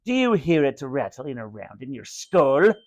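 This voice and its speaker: A man's voice: mid-range voice, big pitch swings, measured pace. A man voicing a cackling, mocking evil male ventriloquist dummy in a storybook reading. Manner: screeching, mocking, gleeful.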